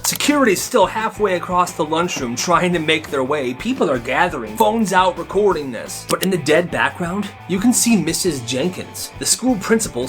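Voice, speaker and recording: A man narrating school stories in a casual, animated way, chuckling at his own tales. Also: high voice. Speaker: storytime narrator.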